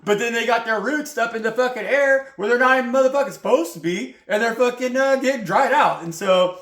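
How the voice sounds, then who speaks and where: A man's voice: very high-pitched, fairly quick, a bit bright. A man giving a casual, rambling tarot reading, heated and full of swearing. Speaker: tarot reader. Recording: roomy echo.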